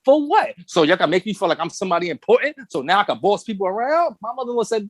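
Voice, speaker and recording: A man talking in a blunt, slangy, impassioned way, his pitch leaping up and down as he drives his points home. The sound is dry and close, with no room around him. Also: fast, no room sound. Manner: animated, emphatic storytelling with rhetorical questions. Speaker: podcast co-host. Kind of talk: casual discussion.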